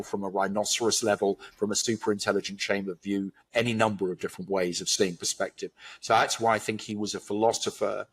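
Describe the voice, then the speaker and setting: A man with a low, slightly husky voice talks through ideas at length. His manner is thoughtful and philosophical, and he builds each point out in long, expansive runs of reflective conversation. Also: a bit bright. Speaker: guest commentator.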